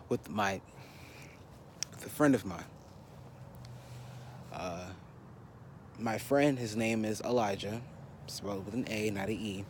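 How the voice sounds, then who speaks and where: Young male backyard wrestler, low-voiced, breathless, cocky promo style, filmed outside with faint ambient noise. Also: slow, pauses often. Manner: boastful, trash-talking. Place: outdoors in a backyard.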